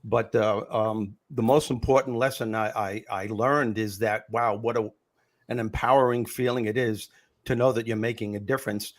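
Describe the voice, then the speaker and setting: An older man, a comedian and former teacher, telling animated stories in a podcast interview and acting out the voices he quotes. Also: on the low side, normal speed.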